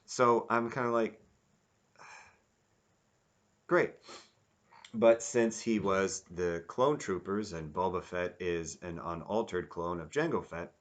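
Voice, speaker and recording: A man giving a rambling, casual review, animated and acting out quotes in mock voices. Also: sits low, unhurried, hardly any pauses. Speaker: YouTube reviewer.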